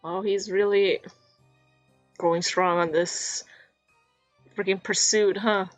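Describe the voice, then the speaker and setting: A woman's voice: mid-range voice, fairly even intonation, slow, no echo, faint music behind. Chatty woman streamer reading a game. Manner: casual, chatty, emotional commentary. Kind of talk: reading game text aloud and reacting.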